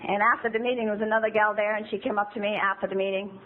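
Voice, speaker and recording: A woman's voice: medium pitch, level tone, very fast. A woman in her fifties giving a candid, emotional recovery talk at a meeting. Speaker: AA speaker. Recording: tinny phone-like old tape with faint hiss.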